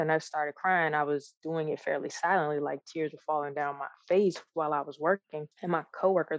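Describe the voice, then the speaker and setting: A woman speaking candidly in a conversation, reflective and earnest, often restarting her thoughts and laughing softly. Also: low-pitched, no echo, muffled recording.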